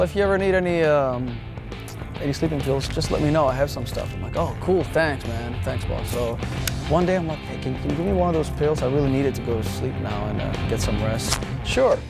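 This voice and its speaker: Man, mid pitch, swears a lot, casual, music loud under the voice. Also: vocal fry. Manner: blunt, profane, animated. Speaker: band member, interviewee.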